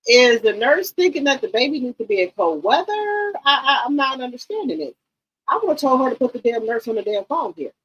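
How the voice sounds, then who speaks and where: A woman's voice: high-pitched, very animated, brisk, fairly bright tone, slightly rough, lo-fi sound. A woman giving blunt, profane commentary on a reality show, questioning everything on a casual livestream.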